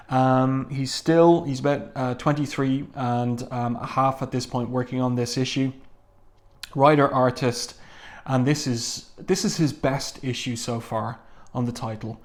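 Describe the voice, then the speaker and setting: A man at an ordinary middle pitch walks through a comic book review in an easy, conversational way. He sounds enthusiastic about what he describes, and his speech is sprinkled with ums as he gathers his thoughts.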